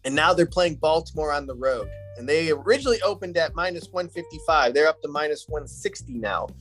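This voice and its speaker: A man co-hosting a sports betting podcast, talking through his picks in a relaxed, thinking-aloud way with fillers. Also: fairly high pitch, brisk, faint music behind. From Italian heritage. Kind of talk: casual chat.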